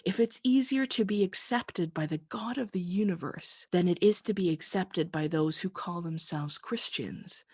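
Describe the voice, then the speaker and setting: Female preacher, lowish husky voice, dry close sound, measured reflective delivery. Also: a little mellow, no room sound. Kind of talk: sermon.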